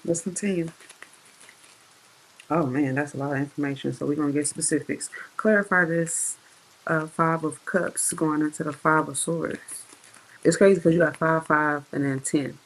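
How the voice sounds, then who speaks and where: It's a low-quality recording of a tarot reader giving a chatty, foul-mouthed, slang-filled reading aimed straight at the audience. Key words are drawn out slowly for effect, and the voice is middle-pitched, steady, and fairly bright in tone.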